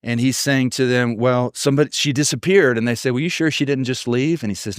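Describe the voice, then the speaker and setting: A man's voice: medium pitch, fairly quick, few pauses, clear, resonant tone, no room sound, clean studio sound. A man preaching a sermon as pastor, telling stories and acting out the voices of people he quotes. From Texas. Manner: storytelling, acts out quoted voices.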